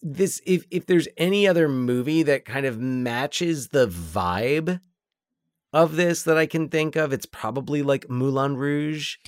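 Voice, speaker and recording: A man's voice: fairly high pitch, unhurried, no room sound, clean studio sound. A man in casual conversation about films, hesitant, with many restarts and fillers. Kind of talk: casual film discussion.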